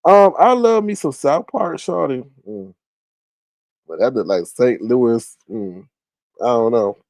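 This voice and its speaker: A man's voice: medium pitch, expressive, slow pace, vocal fry, darkish tone, no room sound. A man hosting a casual livestream, chatting animatedly and reading viewer comments aloud. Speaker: livestream host. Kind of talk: casual live-stream commentary.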